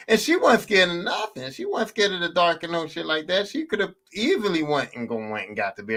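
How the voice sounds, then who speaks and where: Podcast host, animated profane storyteller, bright and higher-pitched. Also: male voice, brisk, few pauses. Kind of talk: casual storytelling monologue.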